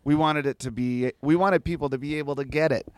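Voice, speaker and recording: A man's voice: fairly high pitch, brisk, clear, resonant tone, no echo. A man in his forties, telling stories in a casual interview with a lot of swearing and laughter. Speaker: guest musician.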